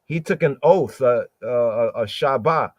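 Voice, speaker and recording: A man's voice: mid-range voice, measured pace, no echo. A man hosting a podcast, teaching scripture in a loose conversational way and repeating words for emphasis. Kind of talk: casual Bible teaching talk.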